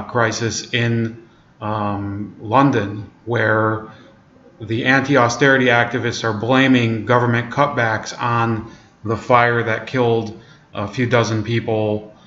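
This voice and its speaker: A man's voice: medium pitch, fairly bright tone, a little hiss or hum. A man hosting a casual commentary on news clips, rambling and full of fillers and restarts. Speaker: commentary host. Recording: echoey room, dull lo-fi sound.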